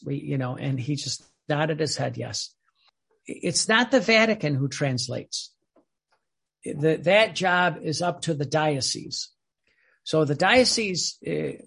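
A man's voice: fairly high pitch, vocal fry, breathy edge. A man giving an earnest religious teaching, often repeating and restarting his words. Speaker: preacher.

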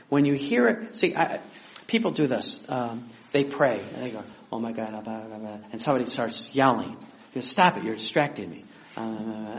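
A man preaching a conversational sermon, acting out quotes and chuckling as he goes. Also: a little high. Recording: dull lo-fi recording.

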